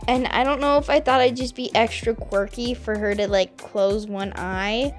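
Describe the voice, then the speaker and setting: A woman's voice: a little high, steady tone, moderate pace, faint music behind. A young woman talking casually as she reacts to her own old videos, laughing at herself and saying "like" a lot. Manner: giggly and self-mocking, heavy use of "like".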